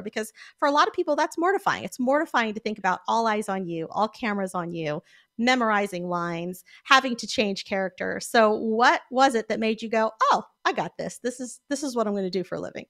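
A woman's voice: fairly high pitch, a bit bright. A woman hosting a talk show, asking questions in an enthusiastic, effusive way and often rephrasing them as she goes. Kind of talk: interview questions.

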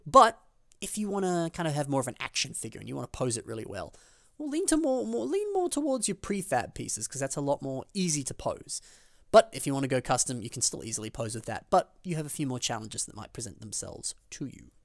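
A man hosting a building show, chatting casually and enthusiastically about fan builds, his voice leaping up in pitch on the words he stresses. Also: very animated, a little fast, gravelly, no room sound, studio quality. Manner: enthusiastic, with big pitch jumps on emphasis; chatty, with frequent fillers and restarts.

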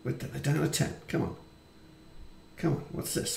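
Gravelly, excitable man commentating. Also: mid-range voice, normal speed, echoey room. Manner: excitable, swears when frustrated. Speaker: gaming YouTuber. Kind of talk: let's-play commentary.

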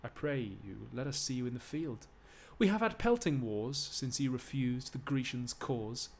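A man's voice: medium pitch, expressive, normal speed. Ajax, a man doing a bold blunt warrior. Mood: rousing. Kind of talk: live-streamed Shakespeare reading.

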